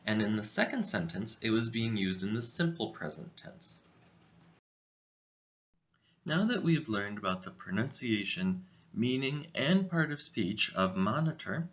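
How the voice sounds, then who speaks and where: A man teaching a scripted vocabulary lesson, speaking slowly, clearly and deliberately. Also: mid-range voice, a bit bright, dull audio. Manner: slow, clear, deliberate delivery. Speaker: English teacher.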